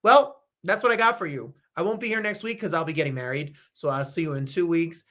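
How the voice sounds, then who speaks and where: A man's voice: fairly high pitch, a little fast, a bit bright. Gushing middle-aged guy hosting a live show, chatty and emotional. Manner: effusive, emotional, sings snippets. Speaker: host. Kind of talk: casual live show chat.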